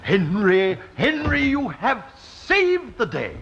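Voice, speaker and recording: A fussy, excitable bishop. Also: male voice, sits high, takes it slowly, creaky, crowd noise, full character voice. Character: flustered genial male bishop, middle-aged. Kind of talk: 1960s TV sitcom acting. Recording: dull lo-fi 1960s TV soundtrack, faint hiss.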